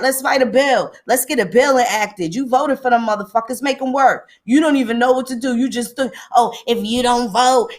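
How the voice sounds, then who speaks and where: A woman hosting a livestream, ranting emphatically with a lot of profanity and greeting viewers by name. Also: sits high. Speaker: livestream host. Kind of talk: livestream commentary.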